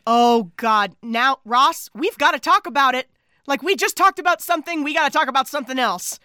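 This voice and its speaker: A woman co-hosting a podcast who recaps a movie in casual chat, telling the story in an animated, expressive way. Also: high-pitched, a little fast, no echo, clean studio sound. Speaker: podcast co-host.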